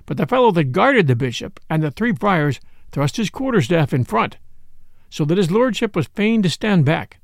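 A man reading a classic adventure tale aloud as narrator, in an expressive storytelling manner. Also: sits high, normal speed, creaky, no echo, studio quality.

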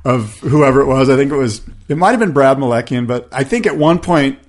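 A man's voice: mid-range voice, fairly quick. A man in his fifties telling a long story as a podcast guest, rambling with lots of fillers and acting out what others said. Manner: rambling, filler-heavy, acts out quoted voices. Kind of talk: casual storytelling interview.

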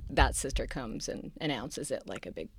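A middle-aged actress from Queens with a New York accent, chatting in an interview with frequent laughs and halting restarts. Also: a bass voice, lively intonation, slight background noise. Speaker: actress guest. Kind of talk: casual interview chat.

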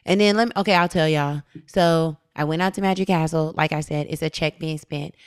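Young woman co-host, low-pitched, animated and slangy, recorded dry and close. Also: brisk, clear, resonant tone, dry recording. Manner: animated storyteller, slangy and laughing. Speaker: podcast co-host. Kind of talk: casual spiritual self-help chat.

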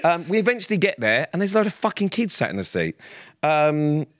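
A man's voice: on the high side, very animated, brisk, no room sound. Blunt, swearing man on a dry mic. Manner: blunt, grumbling storyteller who swears constantly. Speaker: podcast co-host. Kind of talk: casual chat.

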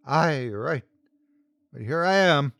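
A man voicing a rugged rescuer in a horror story, speaking softly with forced calm and a wry edge. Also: a little high, takes it slowly, creaky, no echo, heavily acted. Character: rugged Scottish man, steady, gruff rescuer.

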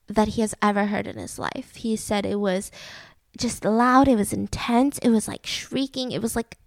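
A woman hosting a podcast, retelling a true-crime case in a chatty, animated way full of fillers at home. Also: mid-range voice, creaky, dry recording. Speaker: podcast host. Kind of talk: casual true-crime storytelling. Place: home room with her fiance.

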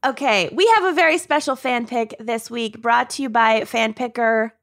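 High-voiced, giggly woman podcast host. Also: moderate pace, a bit bright. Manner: giggly, jokey, bursts of laughter. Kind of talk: casual chat with friends.

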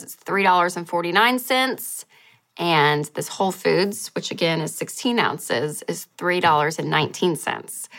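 A woman hosting a casual money-saving vlog, comparing grocery prices in an upbeat, chatty way with quick laughs and animated asides. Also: lowish voice.

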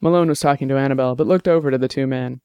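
Guy narrating an audiobook, smooth voice, dry close sound. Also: mid-range voice, steady tone, racing, no room sound, dull audio.

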